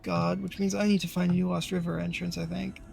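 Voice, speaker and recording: A man's voice: high-pitched, level tone, a little fast, vocal fry, a little mellow. A man streaming a game live, rambling to himself and swearing as he plays. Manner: rambling, swears, talks to himself while playing. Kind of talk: live gameplay commentary.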